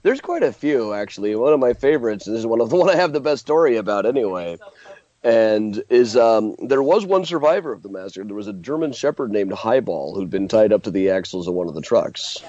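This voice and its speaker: A male historian and tour guide telling animated stories in a radio interview, with laughs and restarts. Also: fairly low pitch, a little fast, muffled recording.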